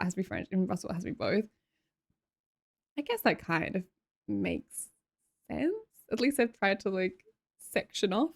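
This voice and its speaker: A woman's voice: medium pitch, darkish tone. A young Australian woman from Sydney streaming casual chat, chatty, laughing often and trailing off mid-sentence. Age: young adult. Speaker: live streamer.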